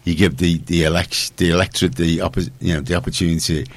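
A man's voice: low voice, flat delivery, quick pace. A man hosting a casual radio chat, rambling and sarcastic, with many restarts. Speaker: radio show host.

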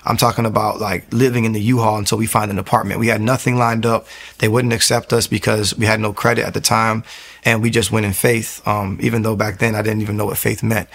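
A man in his twenties telling his personal testimony in an earnest, emotional way, halting often and restarting his sentences. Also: fairly low pitch, little pitch movement, creaky, a bit bright. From New York area.

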